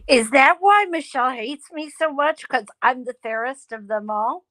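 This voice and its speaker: A woman hosting a casual chat who tells animated stories and acts out quoted dialogue. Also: high-pitched, moderate pace, no echo. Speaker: host.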